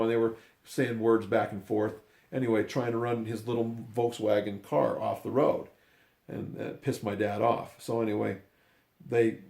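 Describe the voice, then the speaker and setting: A man's voice: lowish voice, gravelly, a little mellow, reverberant. An older man, a grandfather, casually telling a rambling family story, correcting himself as he goes and acting out the people he quotes. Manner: rambling, self-correcting, acts out quoted voices.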